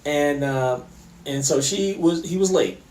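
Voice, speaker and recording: A middle-aged man, an orthopaedic surgeon, tells stories in a relaxed way, with many fillers and restarts. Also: on the high side, a little slow, echoey room, distant mic, slight background noise, poor audio. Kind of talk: conversational storytelling interview.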